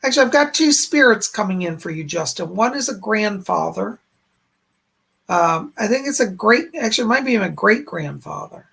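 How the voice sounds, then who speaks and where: Very gravelly, husky male psychic host. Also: sits high, animated, normal speed. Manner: relays messages with repeated "she said"; gentle, reassuring. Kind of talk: live-stream psychic reading.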